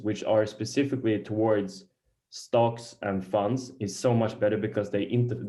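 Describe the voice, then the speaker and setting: Man, Swedish native, lecturing beginners in a room; lowish voice, stop-start delivery with restarts. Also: warm tone. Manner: halting, searches for words, many restarts.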